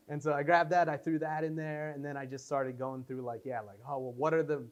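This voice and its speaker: Rambling, animated young man at Q&A. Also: on the high side, fast, hardly any pauses, a crowd in the background. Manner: rambling, animated storytelling with many fillers. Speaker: filmmaker at Q&A. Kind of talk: casual post-screening Q&A.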